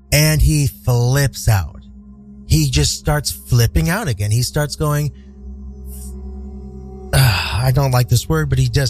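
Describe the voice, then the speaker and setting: A man hosting a radio show, telling a personal story in a candid, profane, animated way. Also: medium pitch, a little slow, long pauses, soft background music. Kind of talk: storytelling monologue. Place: radio studio.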